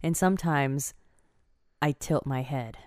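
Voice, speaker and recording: A woman's voice: very deep voice, slow, darkish tone, no echo, studio quality. A woman co-hosting a podcast in casual chat, playful and giggly with quirky asides. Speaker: podcast co-host.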